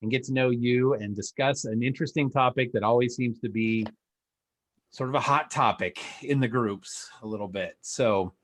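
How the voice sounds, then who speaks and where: A man's voice: mid-range voice, moderate pace. A man hosting a podcast over a video call, upbeat and chatty, joking with his guest. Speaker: podcast host. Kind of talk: casual interview chat.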